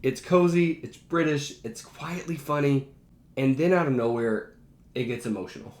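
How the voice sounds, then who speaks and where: A man's voice: medium pitch, moderate pace, a little mellow. A man who works as a teacher, ranking favorite movies in a casual, enthusiastic and emphatic way. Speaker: teacher and behavior analyst. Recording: roomy echo.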